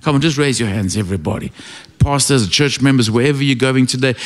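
A middle-aged man preaching a sermon, telling stories with animation and rising to shouted praise. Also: mid-range voice, fast.

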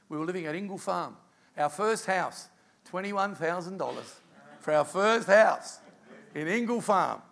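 Gravelly Australian pastor preaching. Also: male voice, high voice, animated, measured pace, fairly bright tone. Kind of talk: sermon with storytelling.

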